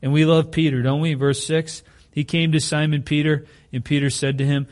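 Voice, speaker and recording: A man's voice: on the high side, level tone, normal speed, few pauses, darkish tone. Conversational male pastor preaching. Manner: conversational, asks the congregation rhetorical questions. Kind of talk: sermon.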